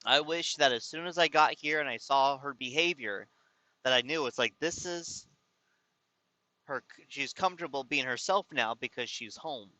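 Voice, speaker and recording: A man's voice: medium pitch, normal speed, pushed and bright, no echo, poor audio. A man telling a personal story to his viewers in a casual, rambling way, often exasperated and restarting his sentences. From California. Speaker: vlogger.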